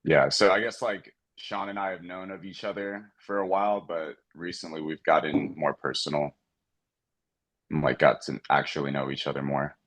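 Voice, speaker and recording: A man's voice: rumbling low, little pitch movement, normal speed, fairly bright tone. A man from Texas who is a singer, answering as a podcast guest in an easygoing, hesitant way. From San Antonio, Texas. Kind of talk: casual interview chat.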